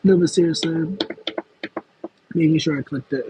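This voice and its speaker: A man's voice: fairly high pitch, fairly even intonation, normal speed, background noise. A young man chatting casually on a livestream, answering viewer comments in a rambling, self-aware way. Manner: rambling, self-aware, with frequent fillers and laughs. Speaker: livestream host.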